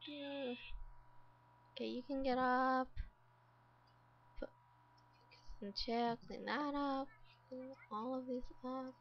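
A woman's voice: sits high, steady tone, slow, long pauses, dull audio, slight background noise. A woman giving casual gameplay commentary as a let's play host, exasperated and talking to the game characters.

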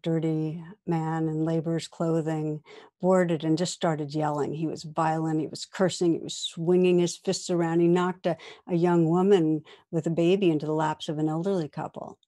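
This dharma talk comes from a woman meditation teacher whose deep voice carries a flat delivery. She tells a story gently and at a measured pace, sometimes sinking into a soft whisper.

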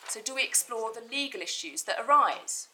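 Bright-voiced woman arguing in court. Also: a little high, animated, slight background noise, low-quality recording. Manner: measured, precise, stresses key words. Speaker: barrister. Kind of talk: formal legal argument in court.

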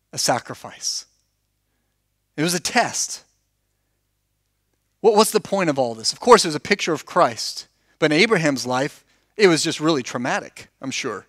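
A man's voice: on the high side, dry recording, clean studio sound. A man preaching a conversational sermon as pastor, telling stories animatedly, acting out the dialogue and asking the congregation questions. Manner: animated storytelling, acts out quoted dialogue. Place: church.

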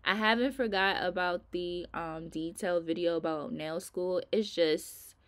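A woman's voice: on the low side, fairly even intonation, unhurried. A middle-aged woman chatting casually to her viewers in a rambling, informal way, sounding tired. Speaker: nail vlogger.

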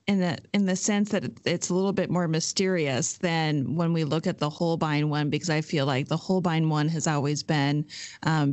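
A woman hosting a podcast interview, enthusiastic and quick to laugh. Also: deep voice, no echo. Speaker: podcast host. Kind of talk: casual interview conversation.

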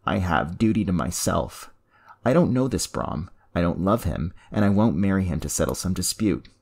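A man putting on a headstrong teenage girl for an audiobook-style reading, her voice lifted well above his own. The tone is insistent and defiant, with a gravelly grain still showing through. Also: deep voice, lively intonation, normal speed, darkish tone, pitched above the performer's own voice, full character voice.

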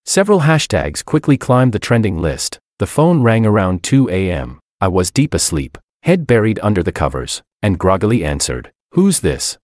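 A man's voice: on the low side, big pitch swings, normal speed, few pauses, a little mellow, no room sound, studio quality. A man narrating a first-person audiobook story in a wry, self-mocking way, also speaking his own character's lines.

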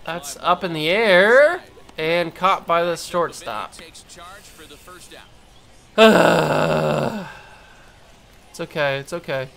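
A man's voice: on the high side, animated, measured pace, pushed and bright. A man giving casual gameplay commentary, talking to himself and prone to frustrated outbursts. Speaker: gamer.

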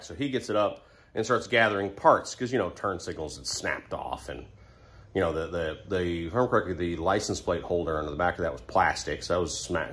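A middle-aged man casually telling a rambling, self-mocking story about a motorcycle crash, perking up when he quotes other people. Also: mid-range voice. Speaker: motorcycle vlogger.

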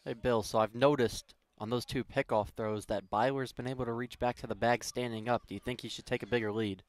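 A man's voice: mid-range voice, fairly even intonation, brisk, dry recording. Chatty male baseball color commentator. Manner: conversational, asks analysis questions.

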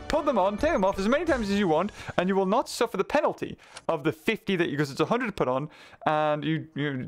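Man, gaming commentator, high voice, very animated, chatty, laughs a lot, desk mic. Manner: chatty and excitable, laughs often. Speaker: gaming video creator. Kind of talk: casual let's-play commentary. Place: home desk setup. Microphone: desk microphone through a mixer.

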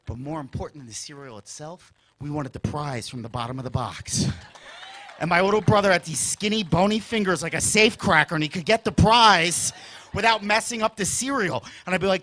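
Male stand-up, high bright voice, very lively delivery, shouty character bits, faint room noise. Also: fairly quick. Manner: animated storytelling, acts out characters with sudden shouts. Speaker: stand-up comedian. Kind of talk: stand-up comedy routine.

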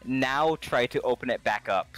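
A man's voice: medium pitch, moderate pace, a bit bright, soft background music. A man co-hosting a game stream, laughing and bantering casually. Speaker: stream co-host. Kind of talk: casual gaming chat.

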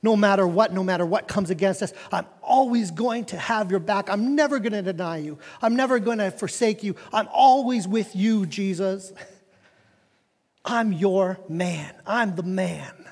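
Brief: preacher voicing an excitable, self-scolding disciple, voice high, echoing church hall. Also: male voice, moderate pace. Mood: boastful. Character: impulsive boastful then remorseful male disciple. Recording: long reverb of a church hall.

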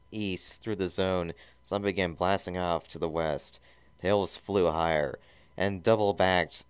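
A man's voice: sits low, clean tone, no echo. A man giving a mock-serious comedic reading of a fan fiction, often stumbling and correcting himself.

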